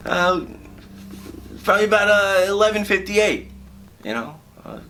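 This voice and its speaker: Construction foreman, played by a man, high and brassy, rambles and stammers in a fake crime-show interview. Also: lively intonation, unhurried, bright, forceful tone, heavily acted. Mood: excited. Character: rambling crude male construction foreman, emotional and boastful. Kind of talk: mock true-crime interview sketch.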